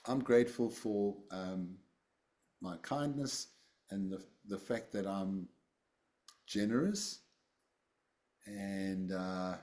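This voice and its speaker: A man's voice: low voice, slow pace, long pauses, a little mellow. A man leading a casual group session over a video call, rambling and self-deprecating, often repeating his words. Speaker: group facilitator.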